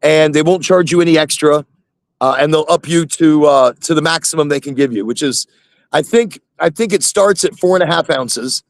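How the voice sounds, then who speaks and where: A man's voice: a little high, moderate pace, no echo. A man hosting a casual live chat from his phone in his truck, rambling and repeating himself. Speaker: host.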